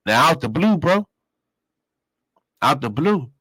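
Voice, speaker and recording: Man, storyteller, animated and profane, plays everyone in his tale, dry close mic. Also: a little high, slow pace, slightly rough, dry recording, poor audio. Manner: animated, acts out other people's voices, profane slang. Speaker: storyteller host. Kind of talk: casual storytelling.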